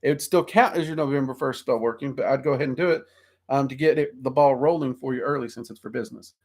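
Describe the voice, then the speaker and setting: A man's voice: mid-range voice, fast talker, darkish tone, breathy edge. A man in his forties with a Southern drawl, casually hosting a livestream, answering viewer questions in a frank, rambling way with many ums. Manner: frank, rambling, with frequent ums and self-deprecating laughs. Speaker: host of occult livestream.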